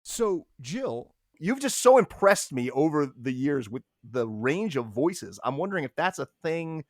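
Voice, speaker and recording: An interviewer asking a voice actor a warm, enthusiastic question about her range of voices. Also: medium pitch, sing-song, measured pace, no room sound, studio quality. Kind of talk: casual remote interview.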